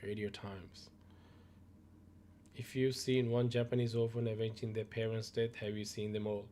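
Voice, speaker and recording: A man hosting a gaming news show, chatting casually to viewers in a relaxed, rambling way with many fillers. He is losing his voice and coughs now and then. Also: lowish voice, normal speed, slight background noise.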